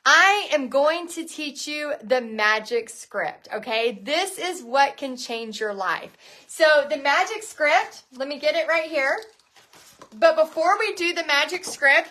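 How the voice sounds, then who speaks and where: A woman's voice: high-pitched, lively intonation, unhurried, bright, forceful tone, slight background noise. A woman hosting a live painting lesson and business coaching session, chatting in a bubbly, gushing way.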